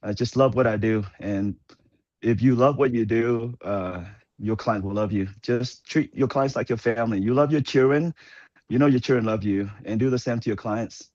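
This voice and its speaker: A father talking on a group call in an earnest, halting way with many fillers. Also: mid-range voice, darkish tone, no room sound, muffled recording. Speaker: guest on a partners call. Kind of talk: casual chat.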